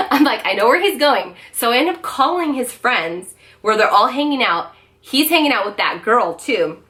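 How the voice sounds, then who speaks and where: A woman in her thirties telling a personal story in a casual vlog, animated and emphatic, with lots of fillers and some swearing. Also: a little high, moderate pace. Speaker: vlogger.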